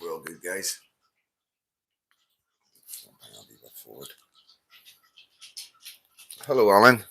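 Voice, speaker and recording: A Northern Irish man in his fifties hosts a casual live stream, sounding tired as he chats, laughs and swears. His voice sits fairly low. The sound is close and dry, with no room echo. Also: slow pace, long pauses, pushed and bright. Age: 50s. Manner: chatty, swears, laughs often, reads out names. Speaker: livestream host. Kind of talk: casual live-stream chat greeting viewers.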